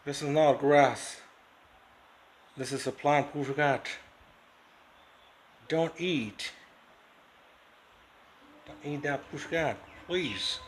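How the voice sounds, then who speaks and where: A man talking to his pets in a casual vlog, coaxing and scolding them and exclaiming, with slow speech. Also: mid-range voice, a little hiss or hum. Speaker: pet vlogger. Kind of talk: casual pet vlog talk. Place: at home and in the yard.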